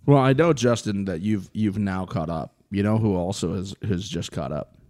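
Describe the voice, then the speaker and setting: A man's voice: low-pitched, moderate pace. A man hosting a casual podcast chat, animatedly recapping events and acting out what people said. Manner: animated recapping with acted-out quotes. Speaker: podcast host.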